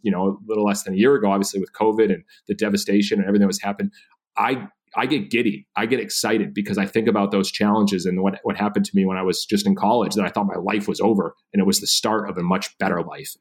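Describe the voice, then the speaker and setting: A man in his thirties, a podcast guest, telling stories in a casual animated way and acting out quoted dialogue. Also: on the low side, quick pace. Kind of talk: casual interview storytelling.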